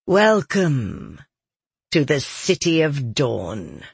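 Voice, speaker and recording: A man's voice: fairly high pitch, big pitch swings, drawn-out words, creaky, breathy edge, no echo, exaggerated voice. A man voicing a smug, scornful sorceress in an audiobook. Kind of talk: audiobook narration.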